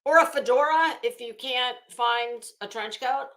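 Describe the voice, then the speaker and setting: A woman's voice: a little high, a little slow, a bit bright. Chatty woman host greeting live viewers. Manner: chatty, rambling, greets viewers by name, frequent restarts. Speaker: commentary livestream host. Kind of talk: casual livestream chat reading viewer comments. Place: home office.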